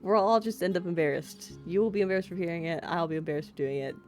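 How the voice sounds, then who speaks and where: A woman plays through a story game, reading the narration aloud and breaking off into chatty, self-mocking asides. Her voice sits slightly low, with soft music playing faintly in the background. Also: fast talker. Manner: chatty, self-deprecating, giggly, reads text aloud. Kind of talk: casual let's-play commentary and narration.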